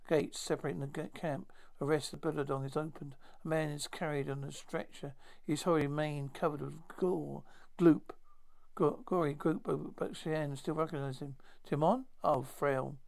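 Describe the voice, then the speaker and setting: A man retelling a science fiction episode aloud in a halting way, with many restarts and self-corrections. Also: on the high side, fairly even intonation, gravelly, darkish tone. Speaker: storyteller.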